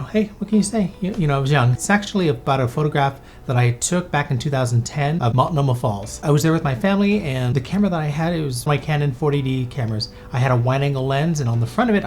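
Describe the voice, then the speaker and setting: Fast-talking male podcast storyteller. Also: medium pitch. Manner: chatty, with many fillers and quick restarts. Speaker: podcast host and photographer. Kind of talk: casual storytelling.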